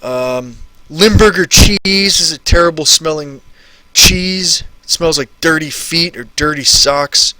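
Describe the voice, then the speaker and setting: Man, thirties, live-stream host, rambling, repeats himself, bright tone. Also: on the high side, slow. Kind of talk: casual live-stream chat answering viewer questions.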